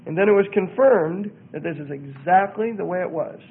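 High-voiced preacher on tinny audio. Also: male voice, moderate pace, slightly rough. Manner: emphatic, repeats words for effect. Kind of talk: sermon-style teaching on a religious group.

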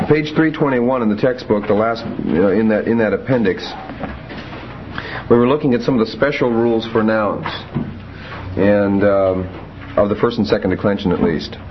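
A man teaching a Greek grammar class, explaining rules methodically with frequent pauses and fillers. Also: on the low side, noisy background. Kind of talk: classroom lecture. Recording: muffled lo-fi classroom recording.

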